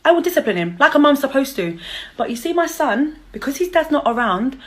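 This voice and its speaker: A woman's voice: high-pitched, big pitch swings, a little fast, a bit bright. A young woman ranting angrily at her child's father, confrontational and mocking, repeating herself. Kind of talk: angry live-stream rant.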